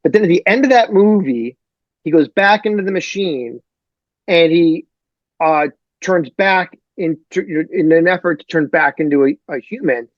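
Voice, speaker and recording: A man from Detroit, a novelist guest on a podcast, talking in a rambling, animated way full of fillers. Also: fairly high pitch, normal speed, dry recording, dull audio. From Detroit, USA. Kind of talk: casual podcast chat.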